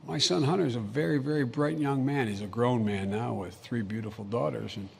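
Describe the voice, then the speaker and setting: A man's voice: medium pitch, a little fast, vocal fry, a little hiss or hum. An older man giving a folksy, anecdotal public speech as vice president. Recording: long hall reverb, faint ambience.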